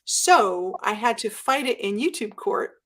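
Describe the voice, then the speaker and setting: A woman guest chatting casually in an interview, telling stories with lively acted-out quotes. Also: mid-range voice, measured pace. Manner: animated storyteller, acts out quotes. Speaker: guest YouTuber.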